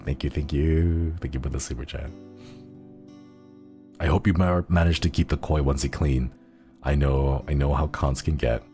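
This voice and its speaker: A young man with a very deep voice chatting casually on a livestream, rambling and giggling as he jumps between thoughts. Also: fairly even intonation, normal speed, long pauses, warm tone, faint music behind. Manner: rambling, giggly, easily sidetracked. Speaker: streamer.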